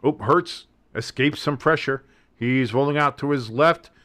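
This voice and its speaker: A man with a New Jersey accent hosting a casual live watch-along, calling plays with excitement, swearing and joking. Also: medium pitch, measured pace. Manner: excited play-by-play with swearing and jokes. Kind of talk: casual live game commentary.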